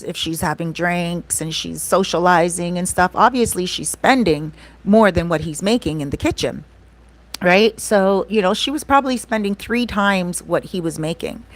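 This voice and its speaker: Chatty woman vlogger, lowish voice. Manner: chatty, often asks "right?" and says "like". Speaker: vlogger telling a story. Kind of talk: casual storytime chat.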